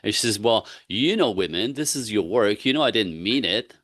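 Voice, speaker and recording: A fairly low-pitched man talks with the dry, close sound of a podcast mic. He tells stories with animation, jumping into different voices to act out both sides of a conversation. He is a relationship coach in casual chat. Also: normal speed, no room sound. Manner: animated storytelling, acts out both sides of dialogue.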